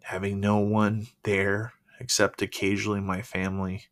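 A man hosting a faith podcast, telling a personal testimony in a halting way with many pauses. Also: on the low side, completely flat delivery. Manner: halting, full of fillers and restarts. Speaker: podcast host sharing testimony.

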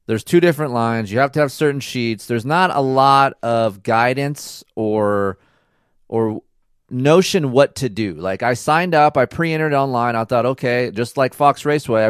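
A middle-aged man hosting a podcast, telling a rambling racing story in a casual, animated way and acting out the dialogue. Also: medium pitch, clean tone, no room sound, studio quality. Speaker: podcast host and racing dad.

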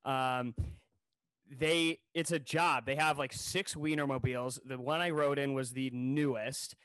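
A man co-hosting a podcast, telling a funny story in a casual, animated way and acting out what people said. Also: medium pitch, a little slow, no room sound. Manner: animated, jokey storyteller who acts out quotes. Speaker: podcast co-host. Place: New York City.

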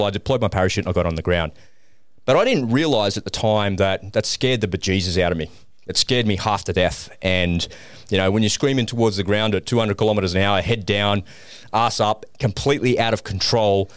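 A middle-aged man with a lowish voice, recorded dry and close, tells a personal story as a podcast guest. He is animated and acts out the voices of the people in his story. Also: no echo.

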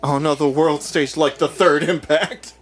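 A woman's voice: low voice, fairly even intonation, a little slow, soft background music. A woman co-hosting a podcast, joking and swearing through casual commentary on a movie. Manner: profane, giggly, jokey. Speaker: podcast co-host.

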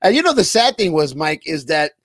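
A man's voice: fairly high pitch, very animated, brisk, a bit bright, no room sound, studio quality. A man telling his own story in casual chat, laughing and self-mocking as he goes. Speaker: guest.

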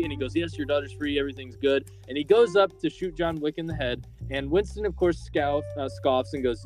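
A man hosting a casual podcast, recapping a film in a loose, rambling way. He slips into quick quoted lines without changing his voice much. Faint music sits low in the background. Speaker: podcast host. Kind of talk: casual movie recap chat.

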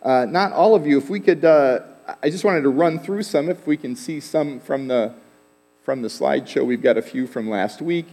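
Chatty pastor in a reverberant sanctuary. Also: male voice, medium pitch, moderate pace, a little mellow. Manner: conversational, chatty with fillers and asides. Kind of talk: sermon. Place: church sanctuary. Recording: long hall reverb.

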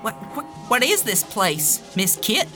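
A woman's voice: fairly high pitch, big pitch swings, a little slow, over music. A woman playing a nervous, stammering young country man. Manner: nervous, stammering, wide-eyed. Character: naive young small-town man dreaming of stardom.

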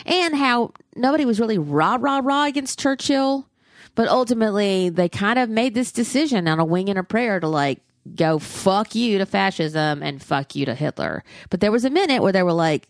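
A woman's voice: mid-range voice, animated, moderate pace, no echo, studio quality. A middle-aged woman in casual chat, giving candid, profane opinions on films with frequent restarts. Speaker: podcast co-host reviewing films.

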